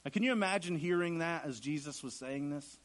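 Man, pastor, sermon, earnest, repeats phrases, acts out quotes, higher voice. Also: a little fast.

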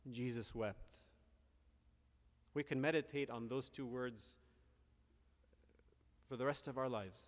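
Earnest priest preaching in a reverberant hall. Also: male voice, medium pitch, steady tone, measured pace, long pauses. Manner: earnest, reflective preaching with restarts and asides. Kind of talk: sermon.

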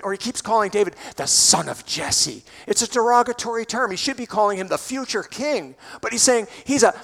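Man, pastor, sermon, fairly high voice, expressive, emphatic rises. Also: gravelly. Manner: expressive preaching, rising to emphatic peaks. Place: church sanctuary.

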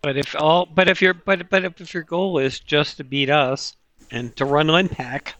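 A man's voice: fairly high pitch, fairly even intonation, moderate pace, fairly bright tone, dry recording. A man co-hosting a casual tech podcast, speaking in a chatty, playful way. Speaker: podcast co-host.

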